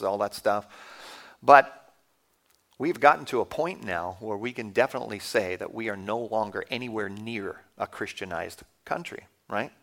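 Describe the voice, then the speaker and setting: A man in his fifties with a Canadian accent gives a sermon in an easy, conversational way. He talks with the audience and puts questions to them. His voice sits a little low. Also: fairly bright tone. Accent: Canadian English. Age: 50s. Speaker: guest speaker.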